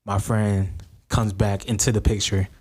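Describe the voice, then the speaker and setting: A man's voice: lowish voice, measured pace, breathy edge. A man co-hosting a podcast, telling a story in casual chat and acting out the quoted lines. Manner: animated storyteller who acts out quoted lines. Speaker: podcast co-host.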